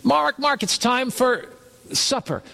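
A preacher voicing his wife calling him to supper, brisk and matter-of-fact. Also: high voice, sing-song.

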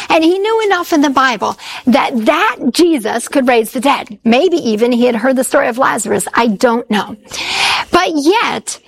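Female preacher, high-pitched, earnest storyteller in a sermon. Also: vocal fry, poor audio. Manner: earnest storytelling with repeated phrases.

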